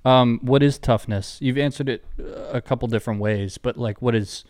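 A man's voice: medium pitch, moderate pace, a little mellow, dry recording, clean studio sound. A man hosting a podcast interview, asking questions in a thoughtful, searching way. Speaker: podcast host. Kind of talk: interview questions, casual chat.

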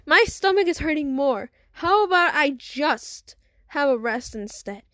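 A woman's voice: high-pitched, animated, measured pace, bright, forceful tone, no room sound, clean studio sound, full character voice. A woman voicing a bratty, complaining schoolgirl who whines and snaps. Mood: cranky. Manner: whiny, snappy.

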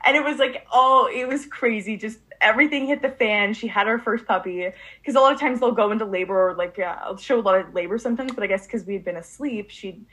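A woman's voice: medium pitch, quick pace, hardly any pauses, a bit bright, slightly rough. A teenage girl in an interview, telling a long story eagerly and rambling, with frequent fillers and restarts. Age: late teens. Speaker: interviewee, student puppy breeder.

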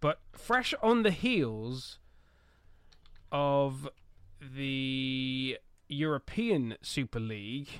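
A man co-hosting a casual football podcast, talking animatedly with loud bursts, swearing and laughing at his own jokes. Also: mid-range voice, expressive, very slow, clean tone, no room sound, clean studio sound. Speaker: podcast co-host.

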